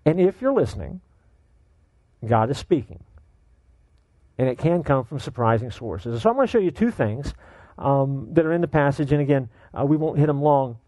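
A man preaching a sermon as pastor, animated and joking, firing off rhetorical questions at his congregation. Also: medium pitch, moderate pace, no room sound, rough recording.

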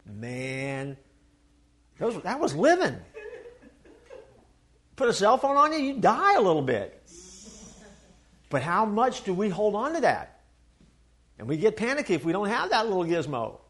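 Speaking casually and with energy, a male pastor with a rather high voice preaches, tossing in quick side comments and little performed quotations. His delivery swings between loud bursts and soft, unhurried stretches.

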